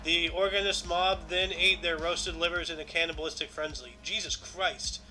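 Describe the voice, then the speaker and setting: A man's voice: a little high, steady tone, fairly quick, pushed and bright, rough recording. A man hosting a casual podcast, reading out history entries and adding dry asides, with faint music in the background. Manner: reads lists aloud, adds dry asides. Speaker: podcast host.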